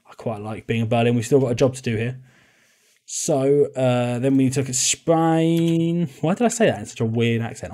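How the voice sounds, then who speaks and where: A man's voice: mid-range voice, mellow. A young man giving chatty, jokey commentary on a football management game, often laughing. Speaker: video game YouTuber. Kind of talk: casual gameplay commentary.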